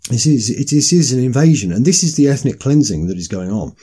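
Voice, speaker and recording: Husky, dark-voiced man. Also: medium pitch, big pitch swings, a little fast. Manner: emphatic, insistent, with frequent restarts. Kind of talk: political monologue.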